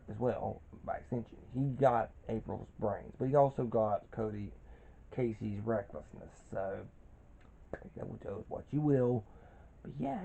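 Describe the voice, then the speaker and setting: A man's voice: mid-range voice, creaky, mellow, slightly rough. A man in his twenties giving a rambling, casual review of a cartoon, with frequent restarts and fillers, on a dull lo-fi recording.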